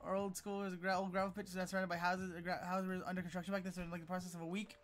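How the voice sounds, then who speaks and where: A young man streams and chats, rattling off quick teasing banter. His voice is notably high and his delivery brisk. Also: flat delivery, fairly bright tone, a little hiss or hum. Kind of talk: casual stream chat.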